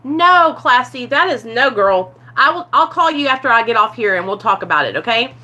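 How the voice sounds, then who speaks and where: A woman's voice: on the high side, lively intonation, normal speed, sharp tone, muffled recording. A woman vlogger talking earnestly and confessionally to her viewers about recovery, often calling them "you guys" and answering chat comments as they come in. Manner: answers live chat comments mid-talk. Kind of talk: casual live-stream talk to viewers.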